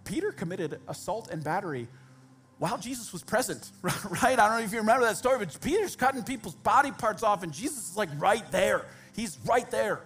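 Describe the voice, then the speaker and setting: A man's voice: sits high, lively intonation, brisk, a bit bright. A man preaching a sermon as pastor, speaking directly and conversationally to his congregation with humorous asides.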